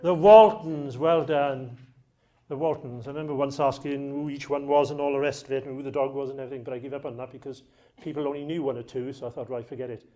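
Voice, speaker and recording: A man's voice: mid-range voice, level tone, fast, mellow. Chatty British man giving a talk. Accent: British English. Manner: jokey, chatty with the audience. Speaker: lecturer. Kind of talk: public talk to an audience.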